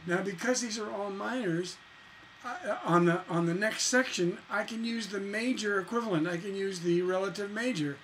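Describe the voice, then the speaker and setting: A man's voice: high voice, normal speed, a bit bright, low-quality recording. A man teaching songwriting in a casual lesson, musing aloud as he works through chords on guitar. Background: acoustic guitar playing.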